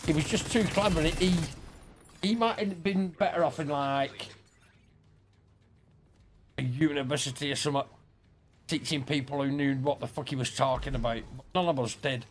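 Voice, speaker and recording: A man's voice: a little high, fairly even intonation, moderate pace, long pauses, a little hiss or hum. A middle-aged man, rambling and swearing through school anecdotes while playing a game. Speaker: gaming streamer. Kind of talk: casual storytelling over gameplay.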